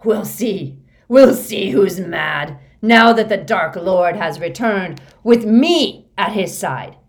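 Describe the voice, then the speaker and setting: Moody, a woman voicing a crazed raving dark wizard. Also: medium pitch, expressive. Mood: raving triumph. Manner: shouting, drawn-out, rising uncontrollably. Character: crazed man, a dark wizard, ranting and menacing.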